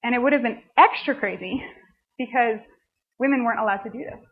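A woman teaching a Bible passage in a relaxed, conversational way, often dropping in "like" as she talks to a group of students. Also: fairly high pitch, brisk, breathy edge. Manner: conversational, frequent "like" asides. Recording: band-limited phone-like sound.

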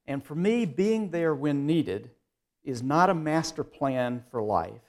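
A man with a slightly high voice and a Southern US drawl gives a keynote address. He works in folksy, self-deprecating anecdotes as he talks to the audience. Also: expressive, takes it slowly, a little mellow. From North Carolina, US. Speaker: keynote speaker. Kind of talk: keynote speech with humorous anecdotes.

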